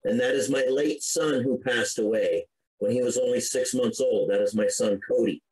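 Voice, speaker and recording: A man's voice: medium pitch, normal speed, darkish tone, low-quality recording. A middle-aged man, a podcast guest, earnestly recounting a personal story in a conversational way, with frequent restarts and an emotional edge.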